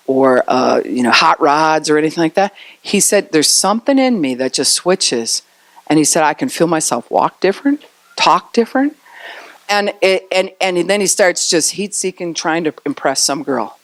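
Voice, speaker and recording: A woman pastor preaches in a chatty, conversational way, slipping into little acted-out voices for the people she describes. Her voice sits on the lower side and swoops with plenty of animation. The sound is dry and close, with no room around it. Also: no room sound. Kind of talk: sermon.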